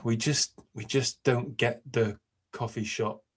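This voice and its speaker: A man's voice: medium pitch, fairly even intonation, slow pace, slightly rough. A man co-hosting a podcast from home, musing thoughtfully in casual chat, often hesitating. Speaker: podcast co-host and agile coach.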